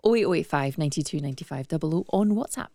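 A woman's voice: sits low, lively intonation, rapid-fire, very noisy. A woman co-hosting breakfast radio in an enthusiastic, conversational way, on a studio microphone. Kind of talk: live radio chat.

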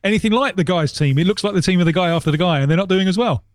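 A man's voice: sits high, very fast, dry recording, studio quality. A man on a casual football chat, wry and rambling with playful wordplay. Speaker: podcast panelist.

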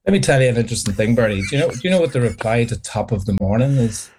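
A man's voice: medium pitch, animated, racing, darkish tone, a little hiss or hum. A middle-aged Northern Irish actor chatting in a radio interview, laughing easily and often repeating words as he starts a sentence. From Northern Ireland. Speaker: actor guest.

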